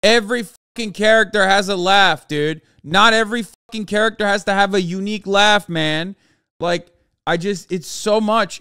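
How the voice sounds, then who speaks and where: A man's voice: high voice, fairly even intonation, normal speed, pushed and bright, clear, resonant tone, no echo, studio quality. A man streamer in a casual, profane rant, talking emphatically and sounding exasperated.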